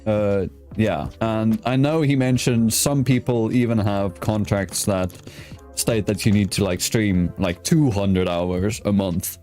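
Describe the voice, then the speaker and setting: A man's voice: on the low side, slow pace, darkish tone, faint music behind. A young man from South Africa hosting an online interview show, joking around in casual chat and stumbling over his words. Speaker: podcast host.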